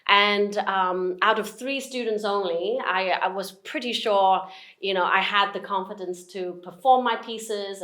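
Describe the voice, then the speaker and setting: A middle-aged woman, a motivational speaker, telling a personal story as an interview guest in an emphatic, animated way with restarts. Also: mid-range voice, moderate pace, echoey room.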